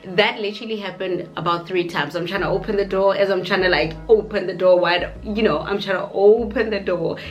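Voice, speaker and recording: A young South African woman with a South African accent, telling a story in an animated, chatty way. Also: mid-range voice, fairly quick, few pauses, muffled recording. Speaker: YouTuber. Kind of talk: casual storytime. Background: faint background music.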